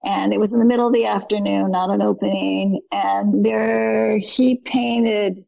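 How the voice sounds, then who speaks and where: Gravelly, husky woman guest. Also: medium pitch, fairly even intonation, unhurried, dry recording. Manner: rambling, earnest, with frequent self-corrections and soft laughs. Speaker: guest artist. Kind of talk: casual conversation. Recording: dull lo-fi recording.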